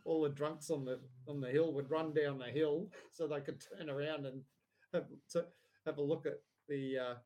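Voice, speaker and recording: A man gives blunt, opinionated sports banter on a podcast. His voice sits a little higher than usual for a man, and he talks in a casual way. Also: steady tone, normal speed, dark tone. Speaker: podcast co-host. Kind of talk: casual chat.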